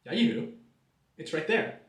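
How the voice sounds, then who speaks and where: Brief: man doing a smiling, insistent woman collecting for a petition, pitch pushed up, roomy echo. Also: moderate pace, a bit bright, lightly acted. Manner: friendly then insistent. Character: sweet-talking pushy female street canvasser.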